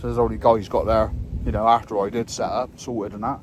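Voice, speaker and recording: A man's voice: on the low side, fairly even intonation, fairly quick, a little mellow, slight background noise. A man, talking in a casual, rambling, sweary way while fishing outdoors by a lake. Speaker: carp angler vlogger. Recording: outdoor ambience, passing trains.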